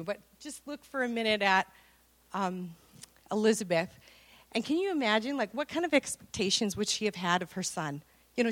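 A woman, giving a sermon full of personal stories, acting out dialogue and laughing often. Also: medium pitch. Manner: animated storytelling, acts out dialogue, laughs often. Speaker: women's speaker.

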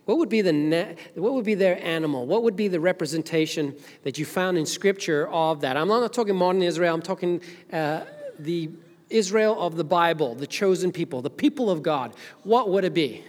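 A woman's voice: fairly low pitch, expressive, normal speed, darkish tone. A woman from Zimbabwe preaching a casual, chatty sermon as senior minister, with joking asides to the congregation. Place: church sanctuary. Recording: long hall reverb.

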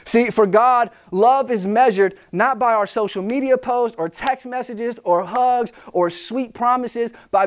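Impassioned preacher speaking to students. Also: mid-range voice. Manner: impassioned, emphatic, repeats key phrases; talks directly to the listeners, with questions. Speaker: youth preacher. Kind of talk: sermon.

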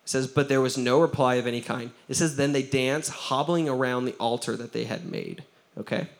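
A man, a pastor giving a lively sermon, acting out the quotes he tells and laughing often. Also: mid-range voice, fairly quick, gravelly.

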